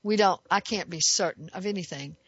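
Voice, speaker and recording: A woman's voice: on the low side, a little fast, slightly rough, no room sound. A woman giving an earnest, emphatic monologue as a self-help speaker, asking rhetorical questions and answering them. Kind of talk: reflective monologue. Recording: dry, muffled recording.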